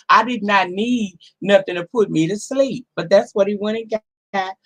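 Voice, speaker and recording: A woman in her forties hosting a casual live stream from home, her voice hoarse from a cold, talking in a sassy, profane way straight to her viewers. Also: mid-range voice, normal speed. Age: 40s. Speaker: livestream host.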